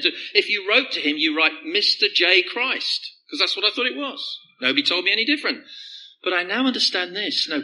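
A man delivers a conversational sermon with a very bright, ringing voice. He sits a little high in pitch and keeps it lively, then drops softly to stress the key phrases. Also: poor audio. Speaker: preacher.

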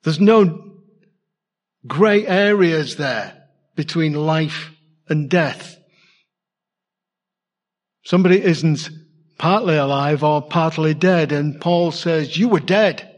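A man's voice: fairly high pitch, takes it slowly, long pauses, in a large hall. A man preaching a sermon in a church, conversational and asking his congregation questions. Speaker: pastor.

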